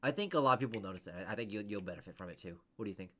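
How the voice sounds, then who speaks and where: Fast-talking man coaching. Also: fairly low pitch, expressive, fairly bright tone. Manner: rambling, fast, many restarts and fillers. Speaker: interview coach. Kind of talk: casual coaching chat.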